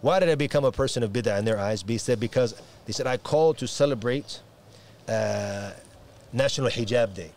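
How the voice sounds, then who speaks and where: A man from America, an imam, chatting quickly and animatedly, full of restarts and Arabic phrases. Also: medium pitch, creaky, darkish tone. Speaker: imam and preacher. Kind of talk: casual podcast conversation.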